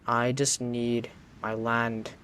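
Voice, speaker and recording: A man's voice: medium pitch, level tone, slow pace, noisy background. A man giving let's-play commentary while gaming, exasperated, pleading and swearing often. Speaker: gaming channel host.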